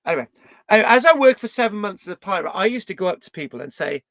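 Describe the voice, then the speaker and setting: A man's voice: high-pitched, sing-song, quick pace, gravelly, a bit bright, no echo. A British man vlogging in a rambling, scattered way, swearing and tagging his lines with "right?". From Britain. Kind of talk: rambling casual vlog.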